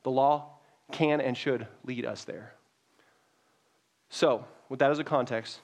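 A man's voice: medium pitch, fairly even intonation, slow, long pauses. A man preaching a sermon as pastor, reading scripture and explaining it in a conversational way that rises to emphatic peaks.

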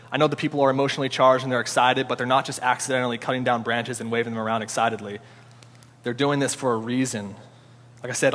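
Guy giving a chatty sermon, mid pitch, lots of restarts, big hall reverb. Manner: informal, animated, with frequent restarts. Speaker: preacher. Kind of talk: conversational sermon.

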